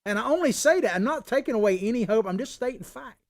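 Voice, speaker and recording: Impassioned high-voiced man hosting talk show. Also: expressive, fast talker. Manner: impassioned, swings from loud emphatic peaks to low quiet asides. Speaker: political talk show host. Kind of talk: opinionated political commentary.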